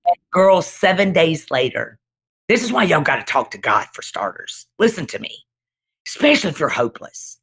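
A woman's voice: low voice, sing-song, moderate pace, a bit bright, slightly rough. A middle-aged woman pastor giving a dramatic, emphatic testimony in conversation, driving her points home with repeated refrains. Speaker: pastor and guest speaker.

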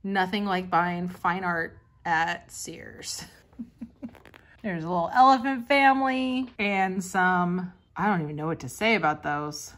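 Woman host, casual vlog commentary; chatty and excitable, reads lines aloud and reacts. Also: lowish voice, slow. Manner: chatty and excitable, gasps and laughs at items. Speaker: vintage catalog vlogger. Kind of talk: casual commentary while reading a catalog.

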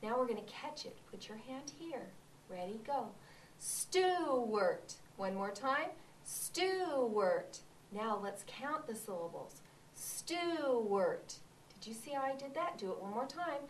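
A woman kindergarten teacher guiding children to clap and count syllables, with slow, clear prompts. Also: fairly high pitch, animated. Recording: distant mic, faint background noise.

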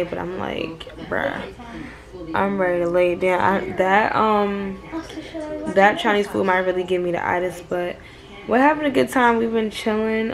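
A young woman vlogging from a hotel room, talking casually and straight to her viewers with lots of slang. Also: medium pitch. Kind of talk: casual vlog chat.

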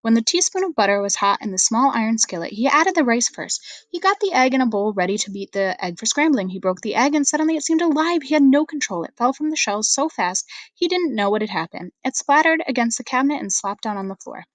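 A woman reading a children's storybook aloud in an expressive, steady narration. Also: fairly high pitch, fast, no room sound. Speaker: reader.

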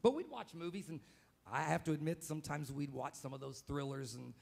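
A man preaching a live church sermon as pastor, dramatic and vocal, acting out scenes with sudden shouts. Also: a little high, brisk, creaky. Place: church sanctuary, live service.

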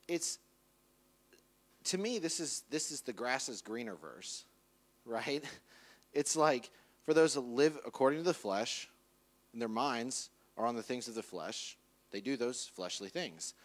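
A man delivers a relaxed, chatty sermon at a middle pitch, slipping into quick acted-out voices for the people in his stories. His delivery is informal and lively rather than formal. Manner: casual, animated, acts out quoted voices. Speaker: pastor. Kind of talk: conversational sermon. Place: church.

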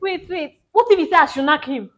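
A woman's voice: sits high, fairly quick, crowd noise, lightly acted. A woman with a Nigerian accent acting a flustered, indignant young woman in a comedy skit, exclaiming and pleading in repeated words. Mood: panicked. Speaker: comic skit actor.

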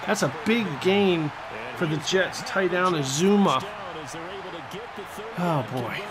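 A man giving excitable play-by-play commentary over a football video game, exclaiming at big plays and mocking the other team. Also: sits high, slow pace. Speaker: gaming channel host. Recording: stadium crowd noise from the game behind.

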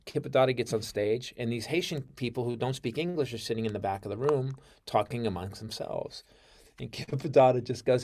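A man with an American accent, a comedian telling stories in a casual interview, swearing freely and acting out quoted lines loudly and high. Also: a little fast. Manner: profane, excitable, acts out quotes with big jumps in pitch and loudness. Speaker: comedian guest. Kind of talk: animated storytelling in casual interview.

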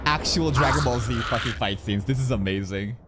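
A man reacting live to an anime episode, excitable and profane, jumping between loud outbursts and low mutters. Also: a little fast, loud music behind the voice.

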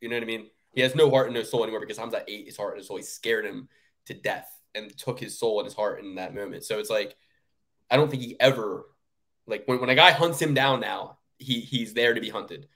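Profane, ranting American man. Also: a little fast. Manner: animated, profane ranting with big pitch jumps. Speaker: podcast co-host. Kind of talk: casual sports betting chat.

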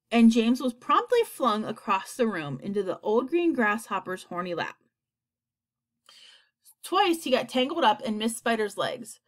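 An expressive woman narrating a children's book at a middling pitch. Her voice rises and falls a great deal as she reads. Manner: expressive, animated reading. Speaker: audiobook reader. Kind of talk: storybook narration.

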